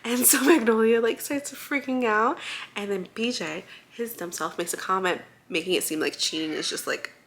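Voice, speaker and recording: A young woman vlogger casually recapping a book series, chatty and giggly, full of excited asides and many fillers. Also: on the high side, normal speed, slight background noise.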